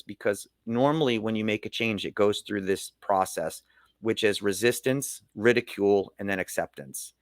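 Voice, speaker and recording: Earnest low-voiced coach, dry sound. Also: male voice, dry recording. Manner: earnest, motivational, lecturing. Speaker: leadership coach and keynote speaker. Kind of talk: podcast interview.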